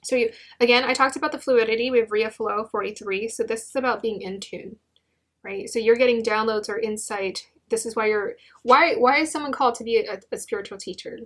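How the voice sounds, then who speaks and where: A young woman giving a gentle, encouraging tarot reading, with many restarts and fillers. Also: on the high side, fairly quick. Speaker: tarot reader.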